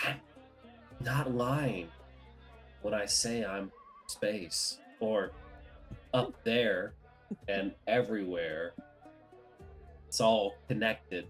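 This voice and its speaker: A man playing his character in a tabletop game with a slow, dry, deadpan delivery. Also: fairly low pitch, soft background music. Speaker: player. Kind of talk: in-character tabletop role-play.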